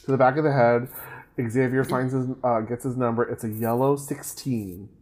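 A man talking loosely through a film recap at an ordinary middle pitch. He rambles, stumbles over restarts and breaks into laughs as he goes. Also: fairly even intonation, normal speed, darkish tone. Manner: rambling, laughs often, many fillers and restarts. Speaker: podcast co-host. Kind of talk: casual movie recap chat.

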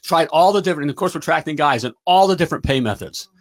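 Racing along in a voice on the high side, a middle-aged man coaches business on a livestream, giving an energetic pep talk and asking "all right?" again and again.

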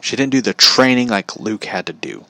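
A man's voice: on the low side, lively intonation, normal speed, creaky, pushed and bright, no room sound. A man telling a story in a casual, opinionated rant, swearing freely and laughing at his own anecdote.

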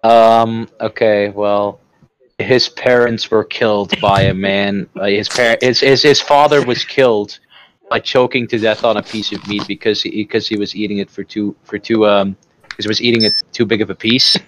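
A man's voice: fairly low pitch, steady tone, moderate pace, a little hiss or hum, low-quality recording. A young man co-hosting a casual podcast on a voice call, rambling through crude jokes and laughing a lot. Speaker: podcast co-host. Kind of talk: casual chat.

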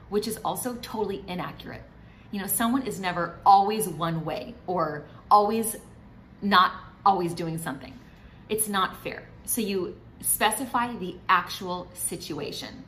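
Speaking at normal speed in a lowish voice with a fairly bright tone, a middle-aged vlogger gives marriage advice directly to the camera. She's chatty and encouraging, sometimes voicing what a spouse might say, and there's slight background noise on the rough recording.

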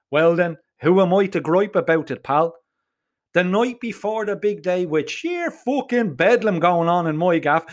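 A middle-aged man with a Dublin Irish accent telling a crude comic story in the first person, swearing freely. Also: high-pitched. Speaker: narrator.

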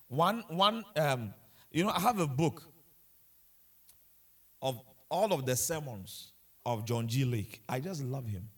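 A man's voice: mid-range voice, animated, slow pace, long pauses, husky. A man preaching a sermon with passion, repeating himself and asking the congregation rhetorical questions. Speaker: pastor.

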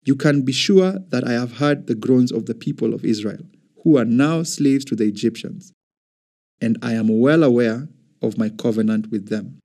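Solemn steady god voice from a reader, mellow and warm. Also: male voice, mid-range voice, moderate pace, close to an everyday voice. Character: calm mighty male God speaking.

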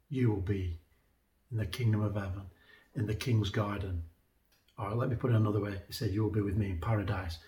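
A man preaching a sermon in an earnest, conversational way, often repeating words as he builds a point. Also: mid-range voice. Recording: echoey room.

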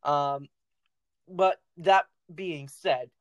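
Playful quiz host with shouted outbursts. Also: medium pitch, very slow, smooth, no room sound. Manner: playful, goofy, with sudden loud shouted bursts. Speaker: podcast host running a quiz. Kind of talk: casual chat.

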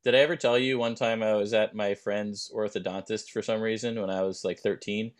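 Low-voiced man telling rambling stories. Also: brisk, clear, resonant tone. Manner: rambling anecdotes, deadpan jokes. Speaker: podcast co-host. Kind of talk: joking casual chat.

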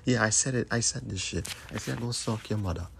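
A man's voice: fairly low pitch, brisk, creaky, background noise. A man hosting a podcast, ranting angrily in a profane, repetitive monologue. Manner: angry, repetitive, cursing. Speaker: podcast host.

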